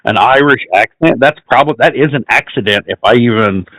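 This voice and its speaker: A man's voice: mid-range voice, a little fast, a bit bright, dry recording, rough recording. A man co-hosting a podcast, chatting casually, giggling and mocking himself as he fumbles accents, with some swearing. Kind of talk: casual chat.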